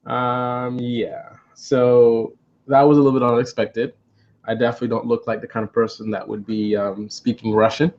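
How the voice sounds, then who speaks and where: Man, mid-pitched, meandering storytime delivery full of ums and restarts, slightly dull lo-fi sound. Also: level tone, moderate pace, a little mellow. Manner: rambling, hesitant, many fillers and restarts. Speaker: vlogger on a live stream. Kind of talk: storytime monologue.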